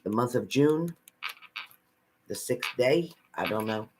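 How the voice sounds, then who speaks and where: A man's voice: medium pitch, expressive, takes it slowly, background noise. A man giving live psychic readings to viewers from home in a chatty manner, repeating phrases and calling people by name. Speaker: psychic reader.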